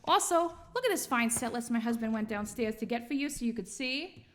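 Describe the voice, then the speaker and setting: A woman's voice: on the high side, expressive, fairly quick. A woman streamer chatting casually between songs, playful and rambling as she muses aloud. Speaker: streamer and singer.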